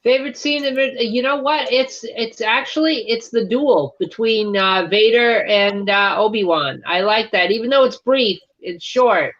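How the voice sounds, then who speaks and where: A man in casual chat on a livestream, relaxed and full of fillers. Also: high-pitched, unhurried, few pauses, dull audio. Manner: relaxed, hesitant, filler-heavy.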